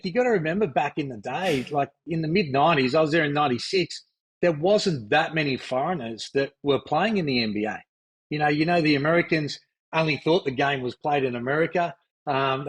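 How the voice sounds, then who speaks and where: This Australian man in his fifties, a former pro basketball player, is a podcast guest chatting easily in a relaxed interview. His voice is a little high and husky, and he reminisces in an easygoing way, using lots of fillers.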